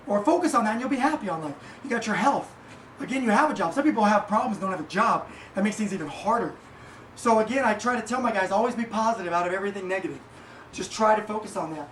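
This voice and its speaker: A man giving a casual motivational monologue as a podcast host, rambling and halting with many fillers. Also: high voice, lively intonation, fairly bright tone. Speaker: podcast host and small business owner. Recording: echoey room, distant mic, faint noise.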